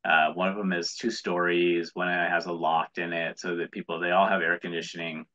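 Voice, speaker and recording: Deep-voiced and fairly flat in pitch, this American man talks at a moderate pace with a pushed, bright quality. He's an entrepreneur guest in a relaxed interview, earnest and rambling with many restarts, recorded on dull lo-fi audio.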